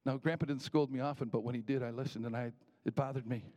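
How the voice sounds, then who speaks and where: A man telling a personal story from his boyhood in a folksy, unhurried way, with small restarts. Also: medium pitch, steady tone, dark tone.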